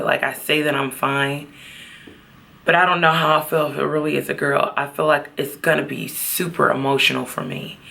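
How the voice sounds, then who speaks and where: Gravelly-voiced woman vlogging at a beach. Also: rumbling low, a bit bright. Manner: halting, heartfelt, fighting back tears. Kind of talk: personal vlog talk. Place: outdoors at a beach.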